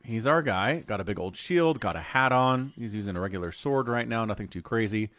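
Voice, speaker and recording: A man's voice: lowish voice, animated, a little fast, fairly bright tone, dry recording. A middle-aged man streaming a role-playing game, chatting casually and rambling as he explains the story. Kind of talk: casual live-stream commentary.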